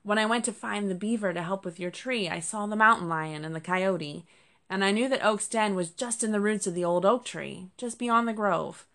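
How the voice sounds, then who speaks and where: A woman voicing a small, feisty male sparrow, speaking quickly and eagerly in a storybook reading. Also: medium pitch, a bit bright, lightly acted.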